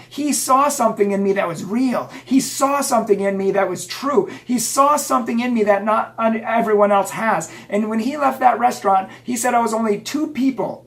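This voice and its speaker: A man's voice: high-pitched, fairly bright tone, distant mic. A man giving an earnest, emphatic talk on living the Christian faith, repeating phrases for stress. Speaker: Catholic faith vlogger. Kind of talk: motivational faith talk to camera.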